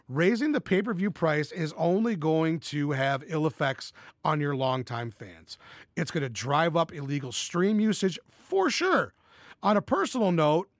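A man's voice: fairly high pitch, no echo, clean studio sound. A man hosting a casual Q&A podcast, blunt and profane, with bursts of enthusiasm. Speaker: podcast host.

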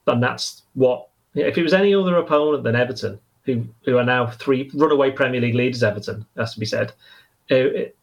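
Rambling man chatting about football. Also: medium pitch. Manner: rambling, self-correcting. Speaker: football journalist. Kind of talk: casual podcast chat.

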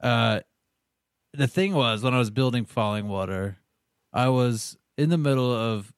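A man's voice: medium pitch, unhurried, clear, resonant tone, dry recording, clean studio sound, close to an everyday voice. A man improvising as a vain, defensive famous architect, talking casually like a regular guy in a comedy interview. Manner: casual, defensive, bro-ish. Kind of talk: improv comedy role-play.

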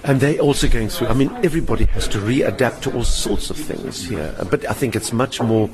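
A man's voice: medium pitch, a little fast, crowd noise. An older man with a South African accent, speaking as an interview guest and telling personal stories vividly, acting out the voices of people he quotes. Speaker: interview guest, stage performer. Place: hotel lounge.

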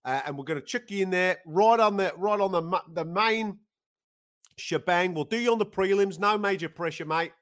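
A man's voice: high voice, moderate pace, fairly bright tone. A man voicing a laid-back male fight matchmaker with a put-on Australian accent, easygoing and matey.

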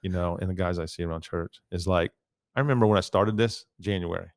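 Podcast guest, man, low voice, dry close sound, lively storyteller. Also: fast, no room sound. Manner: animated storyteller, quotes others often. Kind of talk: casual chat.

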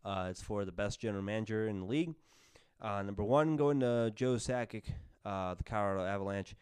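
A man's voice: lowish voice, a little fast, darkish tone, clear, resonant tone, no echo. A man hosting a casual sports podcast, rambling with many fillers and self-corrections. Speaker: podcast host.

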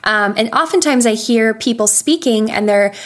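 A young adult woman speaks as a voice coach in a podcast interview. Her delivery is patient and explanatory, and she takes her time to make each point clear. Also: a little high, normal speed. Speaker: voice coach and session singer. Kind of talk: instructional interview answers.

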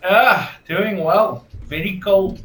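A man from South Africa, a comic creator, answering interview questions slowly and hesitantly over a remote call. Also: high-pitched, fairly bright tone, roomy sound, rough recording. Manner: slow, hesitant, with fillers.

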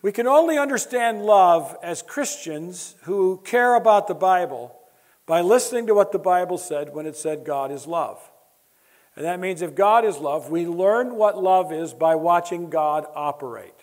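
A man's voice: high-pitched, animated, a little slow, darkish tone. A man preaching a sermon, emphatic and building his points through repetition, with wry asides to the audience. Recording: long hall reverb.

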